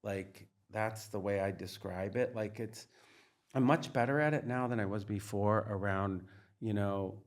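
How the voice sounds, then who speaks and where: A man's voice: lowish voice, unhurried. A middle-aged man, a psychiatrist, speaking candidly in an interview in an earnest, emphatic way, with lots of "like" and "you know". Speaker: psychiatrist and trauma expert guest.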